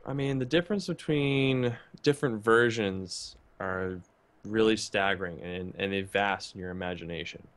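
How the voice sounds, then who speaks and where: A man with a fairly low voice talks casually on a podcast. He wanders through his explanation, stopping and restarting and leaning on fillers as he goes. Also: unhurried, a bit bright. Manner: rambling, meandering explanations full of fillers. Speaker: podcast co-host. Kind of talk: casual chat.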